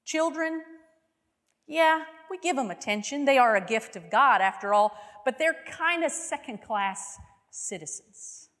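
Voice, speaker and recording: A woman's voice: high-pitched, expressive, a little slow, fairly bright tone, in a large hall. A woman preaching a sermon, telling a story vividly and often asking her listeners rhetorical questions.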